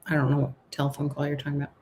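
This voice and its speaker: A woman's voice: sits low, monotone, very fast, a little mellow, a little hiss or hum. A woman co-hosting a casual chat, answering mostly in short interjections and brief remarks. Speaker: co-host.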